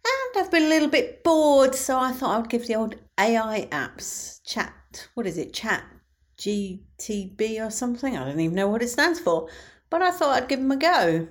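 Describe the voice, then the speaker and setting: A woman's voice: a little high, very animated, normal speed. A woman comedian, chatting casually to camera in a dry, sarcastic way and laughing often. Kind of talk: casual vlog chat.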